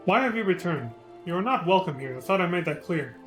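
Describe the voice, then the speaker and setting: A man reading the lines of a wary older male resistance elder from a game, formal and measured. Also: high voice, expressive, fairly bright tone, soft background music. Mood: guarded. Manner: cold at first, measured and formal. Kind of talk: reading game dialogue aloud.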